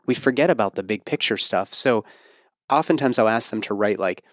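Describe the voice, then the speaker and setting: Man, 30s, podcast host, confident, animated, dry close sound. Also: lowish voice, fairly quick, no echo. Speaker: podcast host and fertility coach. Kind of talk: casual interview chat.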